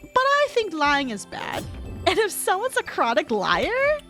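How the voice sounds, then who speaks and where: Young female streamer, high and very animated, cursing freely as she tells a story. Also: measured pace, soft background music. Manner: profane, animated, laughs often. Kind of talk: casual storytelling chat.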